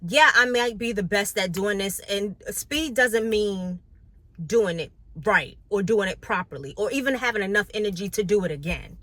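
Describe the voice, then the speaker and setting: A woman's voice: medium pitch, animated, moderate pace, fairly bright tone, no echo. Candid, chatty woman vlogging to camera. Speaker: vlogger and makeup artist. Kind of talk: casual vlog chat to camera. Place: New York City.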